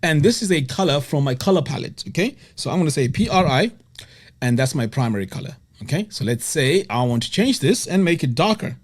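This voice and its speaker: A man's voice: on the high side, very animated, brisk. A man teaching web design in a screen-recorded tutorial, talking straight to the viewer and checking in with frequent "okay?" and "right?".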